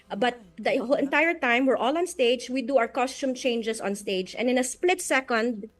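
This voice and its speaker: A woman's voice: fairly high pitch, normal speed. A Filipino woman, a stage actress, chatting animatedly in an interview and mixing English with Filipino. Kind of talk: casual interview chat.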